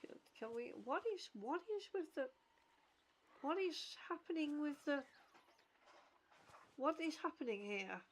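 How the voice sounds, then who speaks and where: A woman's voice: high voice, animated, unhurried, long pauses, slight background noise. A middle-aged woman streaming a game, rambling casually, swearing and reading game text aloud. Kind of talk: casual gameplay commentary.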